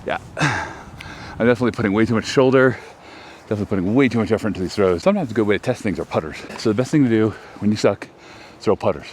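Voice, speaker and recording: This vlog host from Texas, US, talks quickly and animatedly in a fairly low, slightly mellow voice while outdoors on a disc golf course. Chatty and self-deprecating, he rambles about his throws; a little hiss or hum is audible.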